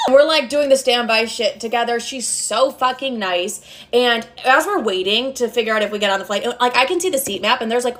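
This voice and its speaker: A woman's voice: fairly high pitch, fairly bright tone. A young woman casually telling a personal travel story, chatty and full of swearing and "like.". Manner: chatty, swears constantly, fillers of "like".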